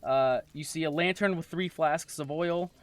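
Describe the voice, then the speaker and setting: A man narrating as game master, reading scene descriptions aloud with halting restarts. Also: fairly high pitch.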